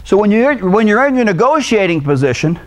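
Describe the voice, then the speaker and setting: High-voiced man teaching self-defense. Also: sing-song, a little fast. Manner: casual, demonstrating moves while directing a partner. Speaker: martial arts instructor. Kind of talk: demonstrating self-defense techniques.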